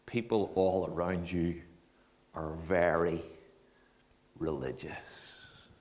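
A man preaching a sermon, animated and shifting between quiet earnest talk and loud mocking asides. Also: sits low.

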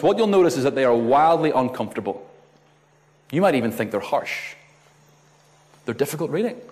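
A man preaching a sermon, stressing his points with sharp rises and drops in his voice. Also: medium pitch. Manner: emphatic, rising and falling sharply for stress. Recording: long reverb of a large hall.

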